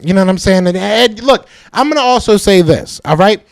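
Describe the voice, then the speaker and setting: A male podcast host talking to his live chat, hyped and emphatic, repeating himself, with a voice that is going hoarse. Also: high-pitched, animated, brisk. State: losing his voice, coughing. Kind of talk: live-stream fan talk to chat.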